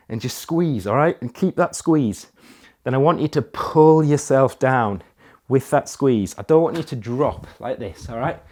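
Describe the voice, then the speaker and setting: A man coaching a workout, counting reps aloud and often checking in with the listener. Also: mid-range voice. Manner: energetic coaching, often while exercising. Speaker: fitness coach. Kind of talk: workout instruction.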